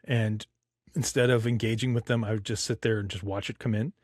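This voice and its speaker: A man's voice: lowish voice, steady tone, fairly quick, a little mellow, dry recording, clean studio sound. A man hosting a podcast, talking in a reflective, rambling way with many fillers. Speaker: podcast host. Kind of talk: casual chat.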